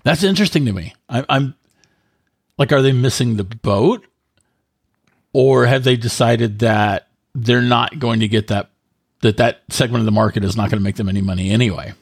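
A man's voice: mid-range voice, normal speed, creaky, slightly rough, no echo, studio quality. A man hosting a podcast, chatting casually with a joking, teasing manner and reading his own sponsor spots. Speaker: podcast host.

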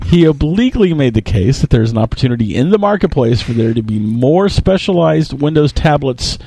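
A man's voice: medium pitch, expressive, brisk, creaky, mellow, breathy edge, no room sound. A man co-hosting a casual tech podcast, thinking aloud in an analytical way. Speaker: podcast co-host.

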